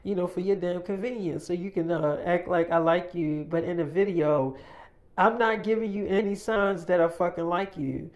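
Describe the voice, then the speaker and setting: A man's voice: sits high, darkish tone. A man voicing a brash, gossipy young woman who talks bluntly and curses heavily in a freestyle audio story. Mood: heated gossip. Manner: blunt, rapid gossip with heavy cursing.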